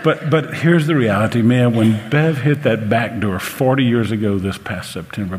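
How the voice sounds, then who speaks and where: A man's voice: lowish voice, moderate pace, hardly any pauses, a little hiss or hum. A man, preaching a sermon in a church and telling personal stories with earnest, emotional restarts. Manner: earnest storytelling, emotional, some stammered restarts. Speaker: pastor. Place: church sanctuary. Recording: live sermon with long hall reverb.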